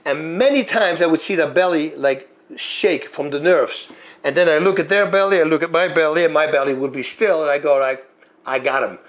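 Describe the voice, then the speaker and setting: Animated man telling fight stories. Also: a little high, fairly quick. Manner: animated, acts out moves and sounds. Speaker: former fighter. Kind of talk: storytelling monologue.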